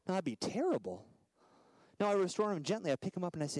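A man in his thirties preaches with a slightly high voice, rising to loud emphasis and dropping to hushed asides. The sound is dry and close, with no room around it. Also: animated, fast talker, no room sound, rough recording. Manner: dynamic, swings from loud emphatic lines to soft hushed ones. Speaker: guest preacher. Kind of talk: sermon.

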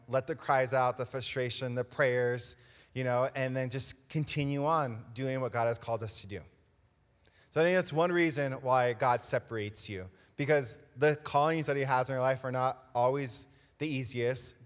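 Youth pastor guy chatting through a devotional, keeps saying right?, mid pitch, reverby sound. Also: a bit bright. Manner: casual, conversational, keeps asking "right?". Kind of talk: devotional talk with a personal story.

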